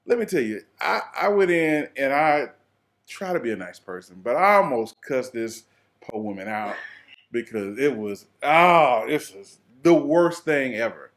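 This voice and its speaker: A young man with a Southern Atlanta accent tells a funny personal story, his voice sitting at an ordinary middle pitch. He talks in a loose, animated way, heavy with dialect and playful overstatement. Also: a little slow. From American South. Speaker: vlogger. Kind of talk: comic storytelling monologue.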